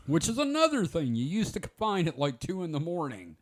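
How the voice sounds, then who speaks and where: A man's voice: on the high side, wildly swooping pitch, moderate pace. A man in his forties hosting a podcast, telling rambling stories in casual chat. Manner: rambling storyteller, many "like" fillers. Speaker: podcast host.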